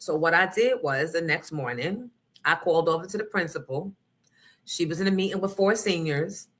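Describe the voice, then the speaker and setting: A middle-aged woman hosting a livestream, chatting casually and telling stories in an animated, profane way, acting out the other people in them. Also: on the low side. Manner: animated, profane, acts out voices in her story. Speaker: livestream host. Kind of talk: casual chat, storytelling.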